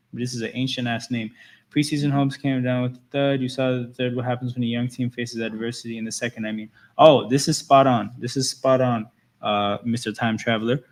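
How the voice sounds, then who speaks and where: Casual male livestream host, loose and chatty, mid-range voice. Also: medium pitch. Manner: loose, chatty, reads and answers chat.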